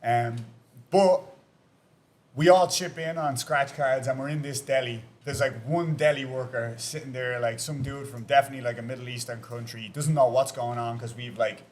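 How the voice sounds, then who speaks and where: A man's voice: medium pitch, fairly even intonation, normal speed, darkish tone. A man telling rambling bar stories in a casual podcast chat, full of restarts and filler words. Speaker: podcast guest.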